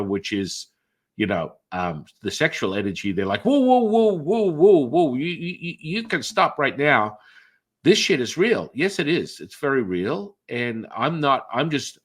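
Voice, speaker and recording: Animated middle-aged man telling stories. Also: on the low side. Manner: animated, acts out other people's reactions in shifted voices; rambling with frequent fillers and restarts. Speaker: podcast host and energy healer. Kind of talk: conversational storytelling in an interview.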